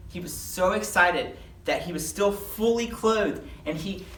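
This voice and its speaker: A lively storyteller leads a children's Bible lesson and gives the characters their own voices. The voice sits at a middle pitch. It sounds roomy, caught from a distance with faint background noise. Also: a little slow. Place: church. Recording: echoey room, mic at a distance.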